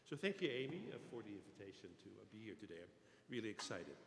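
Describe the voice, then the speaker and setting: A man, a deacon, preaching a sermon in a measured way, pausing with fillers and lifting his voice on key phrases. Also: on the low side, big pitch swings, creaky, slight background noise. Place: cathedral. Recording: long cathedral reverb.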